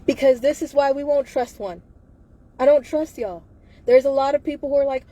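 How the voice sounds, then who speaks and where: A woman's voice: high-pitched, moderate pace, mellow. A woman speaking in a live video, talking fervently and firing off repeated rhetorical questions. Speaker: livestreamer. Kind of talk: impassioned live video monologue.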